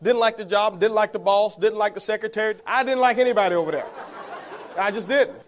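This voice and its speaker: A man's voice: high voice, brisk. A man giving a motivational talk, telling his story to the audience, calling them guys and chuckling as he goes. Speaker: network marketing speaker.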